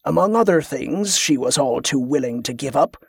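A man voicing a gruff, boastful male ship's cook who gets impatient when interrupted. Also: mid-range voice, lively intonation, normal speed, dry recording, clean studio sound.

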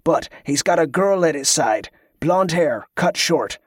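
A man playing a short-tempered, swearing captain in an audiobook, pitched a bit above the narrator's voice and brusque in manner, with a dry sound. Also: lively intonation, a little slow, breathy edge, no room sound. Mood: irritable.

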